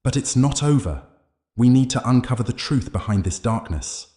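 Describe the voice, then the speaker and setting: A man's voice: mid-range voice, expressive, normal speed, warm tone, reverberant, voice pushed up, natural voice. A man voicing a determined young man who leads frightened townsfolk against the darkness. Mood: steady. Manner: resolute, commanding.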